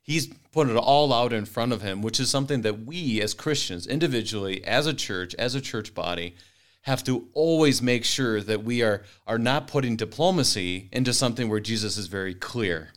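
A man's voice: medium pitch, moderate pace. A man in a casual Bible study discussion, speaking conversationally and applying the passage to everyday life.

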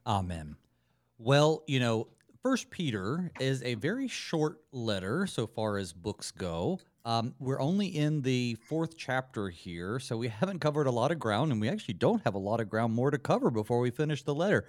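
A man's voice: mid-range voice, very animated, normal speed, hardly any pauses, no room sound, clean studio sound. A man, a pastor, hosting a radio Bible study show and chatting with fillers and restarts.

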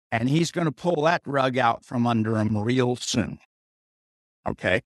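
Slow, deliberate male Bible teacher. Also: medium pitch, no room sound, studio quality. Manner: deliberate, pausing, repeats key phrases.

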